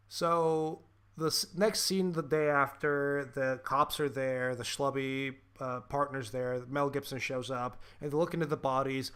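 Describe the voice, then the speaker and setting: A man's voice: on the high side, moderate pace, a bit bright, clear, resonant tone. A man hosting a podcast, ranting profanely and animatedly about a film in casual chat, with lots of fillers. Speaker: podcast host.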